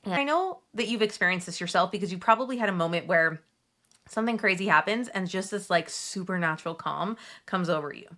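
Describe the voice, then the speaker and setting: A woman in her thirties, a Catholic mom coach, talking straight to her viewers in a chatty, gently soothing way. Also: fairly low pitch, a little fast. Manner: warm, chatty, gently soothing self-talk asides. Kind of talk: direct-to-camera advice talk.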